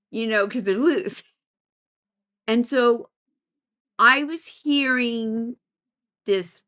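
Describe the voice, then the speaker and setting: A middle-aged woman, a psychic medium, telling a story in a casual interview as an animated storyteller who laughs often. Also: on the high side, slow pace, long pauses.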